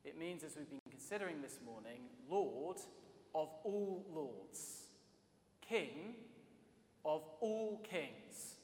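A man preaching a sermon, emphatic, swinging between loud stresses and quiet asides. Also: on the high side, animated, takes it slowly. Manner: emphatic, varied delivery with rising and dropping volume. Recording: echoey hall with long reverb.

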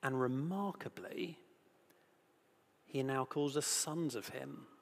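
A man delivers a sermon at an unhurried, deliberate pace, reading out scripture and pressing his point with rhetorical questions. His voice sits at an ordinary middle pitch. It rings out with a long reverb, as if in a large church. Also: vocal fry. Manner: earnest, asks rhetorical questions, grows animated at moments. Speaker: preacher.

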